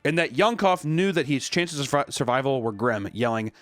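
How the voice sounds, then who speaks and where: A young man hosting a comedic commentary, casual and animated, swearing freely. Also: mid-range voice, a little fast, dry recording, faint music behind. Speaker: host.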